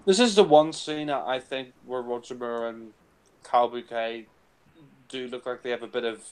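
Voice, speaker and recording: A man's voice: medium pitch, steady tone, moderate pace, darkish tone, clear, resonant tone, rough recording. A crude, blunt man commentating casually. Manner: blunt and crude, with lots of fillers. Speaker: film commentator.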